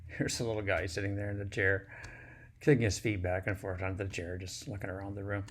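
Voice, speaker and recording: A man telling a personal story in a plain, unhurried, folksy way. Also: low voice, level tone, a little hiss or hum.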